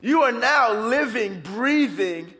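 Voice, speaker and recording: A man preaching a sermon as pastor, lively and playful with his congregation. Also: very high-pitched, takes it slowly. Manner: energetic, playful preaching, leads congregation in song.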